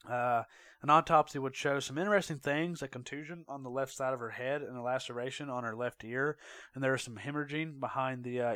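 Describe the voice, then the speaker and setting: A man's voice: medium pitch, fairly bright tone, no echo. Casual, dry-voiced man narrating true crime. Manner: conversational, with fillers, self-corrections and asides. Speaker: true crime podcast host.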